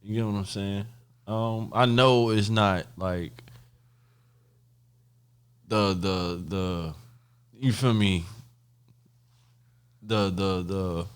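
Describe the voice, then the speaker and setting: A man co-hosting a loose chat while high, slangy, searching for words and trailing off. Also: fairly even intonation, very slow, pauses often, smooth. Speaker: co-host. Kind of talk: casual chat.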